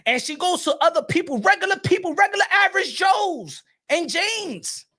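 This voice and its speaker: A man hosting a small boxing channel, ranting comically, laughing and repeating lines with shouted bursts. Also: very high-pitched, very animated, moderate pace. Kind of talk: comedic rant commentary.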